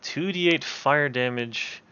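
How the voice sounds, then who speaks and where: Man, game master, bright tone, reads rules with ums, muffled lo-fi call audio. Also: mid-range voice, slow pace, clear, resonant tone. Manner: reads rules aloud, hesitant fillers. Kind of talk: running a tabletop game.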